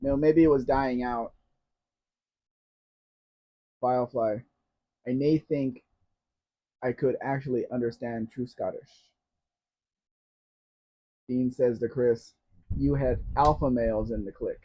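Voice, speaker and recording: A man's voice: medium pitch, steady tone, a little slow, pauses often. A man hosting a live Q&A, reading viewer comments aloud and answering them with dry jokes. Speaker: host. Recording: dull lo-fi stream audio.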